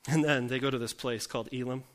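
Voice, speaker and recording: This pastor's sermon is conversational and quick, his medium-pitched voice fairly even in intonation. He mixes in jokes about himself and rhetorical questions for the congregation.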